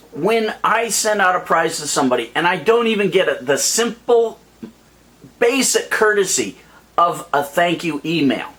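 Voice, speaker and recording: Exasperated male vlogger with a high voice, heated ranting monologue. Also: a bit bright. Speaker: YouTube vlogger.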